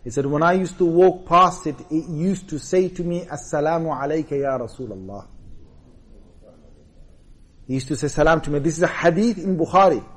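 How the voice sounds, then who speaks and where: A man preaching a sermon, telling prophet stories with emphatic, animated delivery and rhetorical questions to his audience. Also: a little high, moderate pace, breathy edge. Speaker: Islamic preacher. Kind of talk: sermon storytelling.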